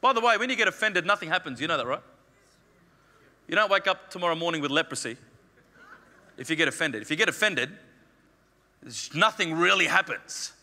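Male pastor, sermon, emphatic, repeats himself, sharp tense voice, long church hall reverb. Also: on the high side, expressive, fairly quick, pauses often. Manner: emphatic, repeats phrases, acts out quoted lines.

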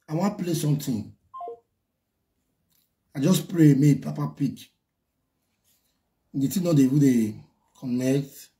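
A man with a Nigerian accent hosting a talk show, scolding and mocking a caller in Pidgin and rising into loud outbursts. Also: a little high.

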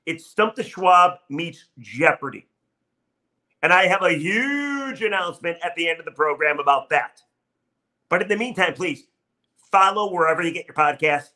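A man's voice: on the high side, lively intonation, moderate pace, bright, forceful tone. A man in his thirties hosting a sports talk podcast, delivering an upbeat, chatty monologue and urging listeners to subscribe.

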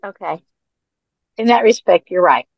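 A woman's voice: on the low side, expressive, a little slow, creaky, dry recording, lo-fi sound. A woman co-hosting a podcast, chatting casually and trading dry, matter-of-fact quips. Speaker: podcast co-host. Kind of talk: casual chat.

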